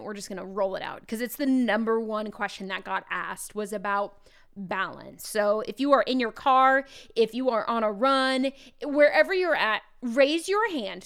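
Woman podcast host, chatty direct address, fairly high smooth voice. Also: a bit bright. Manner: chatty, conversational, speaks directly to listeners. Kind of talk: casual podcast monologue.

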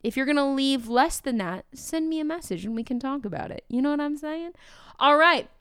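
A woman with a Midwestern American accent hosting a podcast, talking in an energetic, chatty way with playful asides to her listeners. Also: high-pitched, fairly quick, no room sound, studio quality. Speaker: podcast host. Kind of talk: upbeat podcast monologue.

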